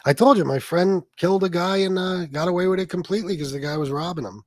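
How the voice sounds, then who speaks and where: A man's voice: high voice, quick pace, no echo, clean studio sound. A man hosting a casual livestream, telling stories and talking in a blunt, profane way while answering his chat. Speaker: livestream host reading chat.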